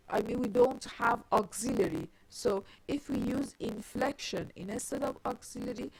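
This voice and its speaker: A woman's voice: mid-range voice, gravelly, slightly rough, rough recording. A woman lecturing on syntax, explaining tree diagrams step by step and often restarting with "I mean". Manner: halting, with frequent "I mean" restarts. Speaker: linguistics lecturer. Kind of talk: recorded grammar lecture.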